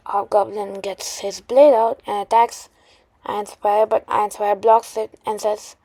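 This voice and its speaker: A woman retelling a made-up superhero story, halting often with restarts and fillers. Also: medium pitch, flat delivery, warm tone, no echo.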